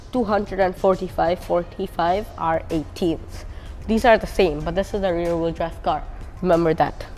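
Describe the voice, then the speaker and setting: A woman's voice: fairly low pitch, a little mellow. A woman reviewing a car on camera, casually pointing out its features as she walks around it. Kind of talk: walkaround car review vlog.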